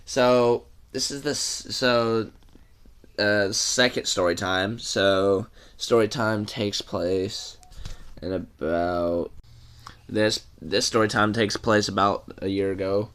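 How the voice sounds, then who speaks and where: Young man, low-pitched, for a casual rambling storytime vlog with fillers and cursing. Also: takes it slowly, a bit bright, clean tone.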